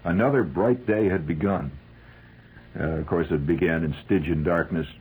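A man telling a comic, wry story about army life, acting out the shouted calls. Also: low voice, moderate pace, breathy edge, poor audio.

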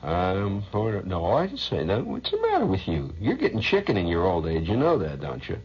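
A man with a deep, very husky and raspy voice wanders through a loose radio monologue, chuckling and humming sing-song nonsense between thoughts. It sounds like a dull, lo-fi old radio recording. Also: huge pitch swings, normal speed. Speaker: radio host. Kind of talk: rambling on-air monologue.

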